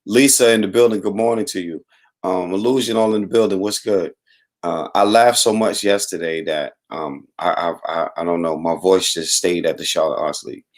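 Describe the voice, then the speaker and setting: Hoarse deep-voiced man hosting a morning show. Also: steady tone, normal speed. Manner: rambling, upbeat, giving shout-outs to viewers. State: hoarse, voice worn out. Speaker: host. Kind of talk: casual livestream morning show chat.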